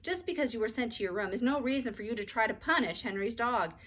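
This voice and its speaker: A patient, weary mother voiced by a woman reading aloud, calm and sighing. Her voice stays close to the reader's own, in a storybook reading. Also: on the high side, fast talker, pitched above the performer's own voice.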